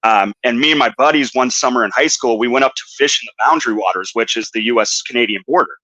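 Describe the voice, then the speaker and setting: A man's voice: mid-range voice, fast talker, sharp tone, no room sound, highs cut off. A man from Minnesota hosting a podcast, rambling through anecdotes in casual chat. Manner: rambling anecdotes with put-on voices. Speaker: podcast host.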